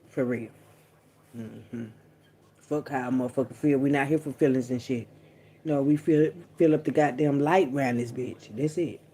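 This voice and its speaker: A woman vlogger holds forth in a loose, rambling monologue, cursing freely and leaning hard on drawn-out words. Her voice has a gravelly, fry-laden edge, and its tone is dark and mellow. She keeps tossing in little asides as she talks. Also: low voice. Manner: profane, animated, drawn-out emphasis, frequent asides. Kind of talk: casual rambling monologue to camera.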